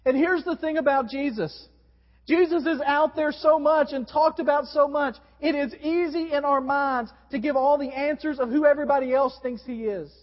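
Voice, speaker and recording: A man preaching a sermon to his congregation, with wide swings in pitch and volume. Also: fairly even intonation, normal speed. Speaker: pastor. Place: church sanctuary. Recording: dull recording in a long-reverb hall.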